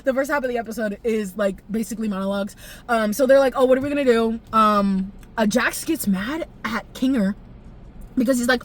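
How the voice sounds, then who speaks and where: Excitable young woman gushing on camera. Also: a little fast. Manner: expressive, profane, laughs often, jumps pitch when excited. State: tearful at times. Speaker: vlogger. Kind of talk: casual animated recap.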